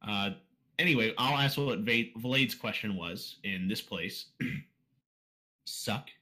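A man's voice: lowish voice, unhurried. A man hosting a casual podcast interview, reading out listener questions and teasing his guest. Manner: relaxed, reads out listener questions and teases. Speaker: podcast host.

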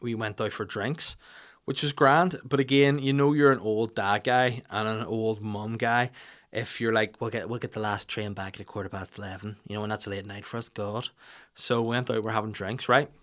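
A middle-aged man, hosting a podcast and telling comic stories in an animated, sweary way. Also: on the low side, moderate pace. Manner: animated, acts out the people in his stories, swears. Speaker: podcast host. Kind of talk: comic storytelling rant. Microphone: studio mic.

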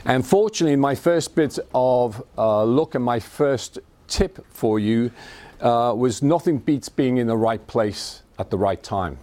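A man's voice: mid-range voice, lively intonation, warm tone. Scouse man giving an anecdotal talk. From Liverpool, England. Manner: anecdotal, self-deprecating, halting restarts. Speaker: invited speaker. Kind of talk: evening talk to an audience.

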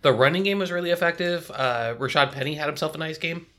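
A man co-hosting a sports podcast, giving quick, analytical breakdowns and reading off stats. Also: fairly high pitch, fairly bright tone, slight background noise. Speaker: podcast co-host.

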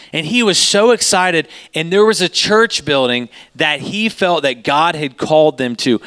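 A man, a pastor, telling a story in a sermon, animated and rising in pitch as he gets excited. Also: moderate pace, hardly any pauses, smooth.

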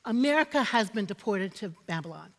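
A woman's voice: medium pitch, very animated, brisk, long reverb tail. A woman preaching a sermon, emphatic and repeating phrases for effect, calling on the congregation for amens.

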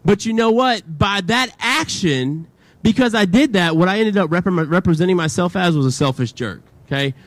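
A man's voice: high-pitched, lively intonation, normal speed, no echo. A young man preaching to teenagers in a casual, chatty storytelling way, full of "like" fillers and acted-out quotes. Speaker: youth pastor.

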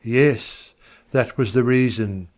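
A man's voice: mid-range voice, slow pace, darkish tone. A man giving a dramatic poetry recitation, theatrical and swelling on repeated words. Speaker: poetry reader.

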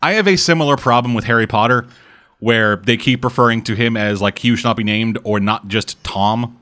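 A man's voice: mid-range voice, fairly quick, fairly bright tone. A young adult man in casual chat, cursing freely and riffing in rambling runs. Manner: profane, rambling riffs.

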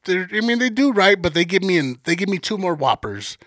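A man's voice: sits high, big pitch swings, brisk, a bit bright, dry recording, clean studio sound. A young man of Mexican heritage, co-hosting a podcast, telling a profane story in casual chat. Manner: profane, storytelling with acted quotes. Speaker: podcast co-host.

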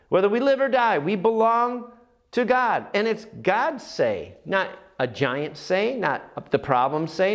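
Passionate preacher with a fairly high voice. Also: male voice. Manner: passionate storytelling preacher, repeats phrases for emphasis. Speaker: pastor. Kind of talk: sermon.

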